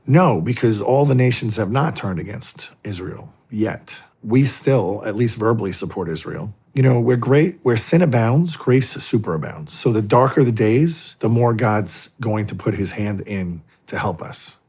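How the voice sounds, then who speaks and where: A man's voice: lowish voice, normal speed, hardly any pauses, breathy edge. A middle-aged man, a Catholic priest, telling stories in an interview and acting out the people in them. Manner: animated, acts out quoted exchanges. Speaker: Catholic priest and exorcist, guest. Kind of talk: interview storytelling.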